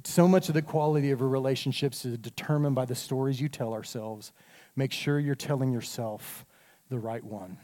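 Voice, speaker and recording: A man's voice: mid-range voice, moderate pace, dark tone. A middle-aged man preaching a sermon, talking straight to the congregation in a conversational way. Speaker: pastor. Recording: long hall reverb.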